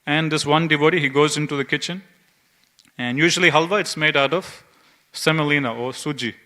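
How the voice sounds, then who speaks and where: Bright-voiced man telling a temple story. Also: fairly high pitch, brisk. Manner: narrates an anecdote with lively quoted dialogue. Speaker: speaker giving a class. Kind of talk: storytelling scripture class.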